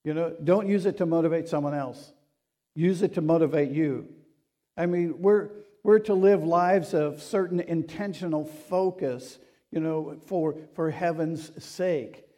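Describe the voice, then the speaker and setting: A male pastor delivers a sermon in a high, mellow voice. He keeps it conversational, with rhetorical questions and asides. His tone stays earnest and urging throughout. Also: measured pace.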